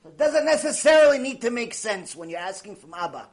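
Animated man giving a mussar lecture. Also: very high-pitched, fast talker. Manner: animated storytelling with Hebrew terms, repeats phrases. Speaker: Torah teacher.

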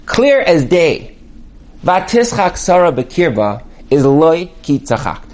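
Male Torah teacher, high voice with wide swings. Lively storyteller who plays out dialogues. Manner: animated, acts out dialogues. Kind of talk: spoken Torah lesson.

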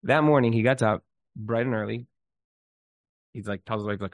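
A man giving an inspirational talk, telling a story in an animated way and often restarting his words. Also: medium pitch, normal speed, no echo.

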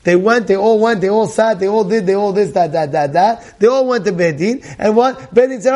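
A male rabbi giving a Torah class, telling animated stories, often laughing and repeating himself. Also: sits high, fairly quick, few pauses. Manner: animated storytelling, many repetitions; laughs often while talking.

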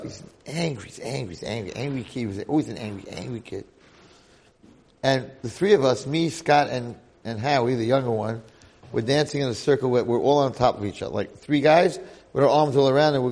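A man in his sixties, a rabbi, telling a story to his congregation in an animated way with dramatic swings in loudness. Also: mid-range voice.

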